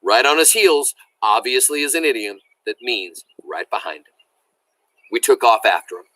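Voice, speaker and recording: A man reading a novel aloud as a teacher, animated and enthusiastic, stopping to explain words to his listeners. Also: mid-range voice, no echo, rough recording.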